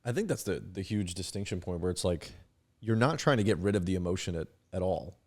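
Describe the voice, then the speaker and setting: A man hosting a podcast interview, summing up his guest's point in a soft, reflective, agreeing way. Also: low voice, fairly quick. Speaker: podcast host. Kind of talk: interview chat.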